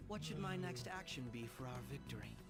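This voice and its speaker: A polished scheming young detective. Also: male voice, medium pitch, expressive, fairly quick, gravelly, loud music behind the voice. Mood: calculating. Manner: polished and calculating. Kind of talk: video game voice acting.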